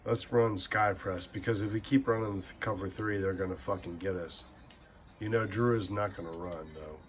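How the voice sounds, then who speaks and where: A young man with a low-pitched voice plays through a football video game and rants about players in a heated, rambling, heavily profane way. His voice stays casual but keeps getting fired up. A faint room hum sits under the recording. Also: fairly even intonation, moderate pace. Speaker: gaming channel host. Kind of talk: casual gaming commentary rant.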